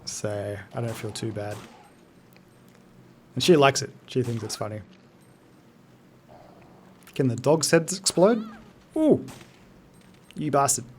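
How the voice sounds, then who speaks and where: A man's voice: mid-range voice, animated, slow pace, long pauses, darkish tone, slight background noise. Joking man streaming a horror game. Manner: loose, joking, sweary, talks to chat between game moments. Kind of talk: casual live-stream chat while playing.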